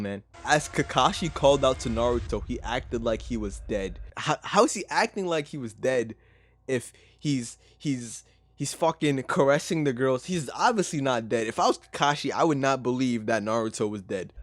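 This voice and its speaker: A man's voice: medium pitch, no room sound. A man casually reading a fan story aloud and breaking off for profane, incredulous commentary, often laughing.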